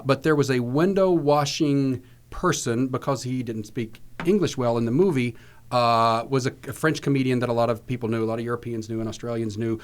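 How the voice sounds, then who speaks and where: A man from Virginia, a podcast host and voice actor, telling anecdotes in casual chat and acting out the quotes he tells. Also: mid-range voice. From Virginia, US South. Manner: animated anecdote teller, acts out quotes.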